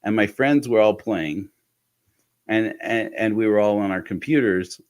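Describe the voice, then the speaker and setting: A man telling a reflective personal story in a candid, halting way, with restarts and soft laughs. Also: on the low side. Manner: candid, intimate. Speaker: host of a personal podcast talk.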